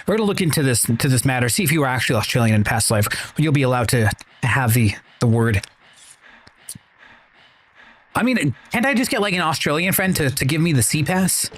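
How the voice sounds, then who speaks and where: Animated and brisk, a man's mid-range voice carries his video game stream. He rambles on to his viewers casually and swears without restraint.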